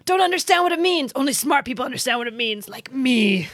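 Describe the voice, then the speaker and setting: A woman doing a loud, smug know-it-all intellectual. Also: high-pitched, lively intonation, fast, no echo, studio quality, voice pushed up.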